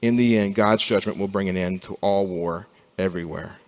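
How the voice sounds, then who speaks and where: A young adult man, a pastor, preaching a sermon, rising from quiet, slow passages to loud emphasis. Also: low voice, long reverb tail.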